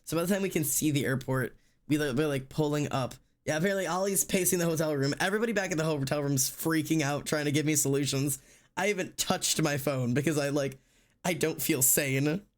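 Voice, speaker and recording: Guy streamer rambling thru a story, kinda high voice, lots of "like" and "um". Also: brisk. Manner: rambling, filler-heavy, acts out quotes. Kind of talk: casual storytelling.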